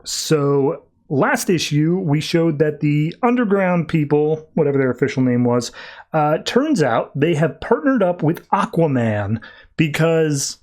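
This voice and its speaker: A man with a slightly high voice casually talks through a comic book plot. He chats along and jumps into quick character voices for the quotes. His delivery is lively and conversational. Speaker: podcast host.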